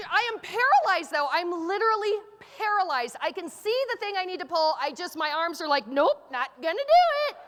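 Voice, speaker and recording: A middle-aged woman speaks from a conference stage in a strikingly high, bright, forceful voice. She tells a story with lots of drama, acting out her own frantic self-talk. She jumps between loud exclamations and quiet, hushed asides. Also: a little hiss or hum. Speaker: keynote speaker. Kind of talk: animated storytelling keynote.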